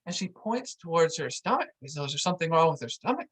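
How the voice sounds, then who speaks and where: A vlog host telling a story out loud in a casual, animated way, full of "like"s and acting out what others said. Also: medium pitch, quick pace, breathy edge, rough recording. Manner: animated, filler-heavy with many "like"s, acts out what people said.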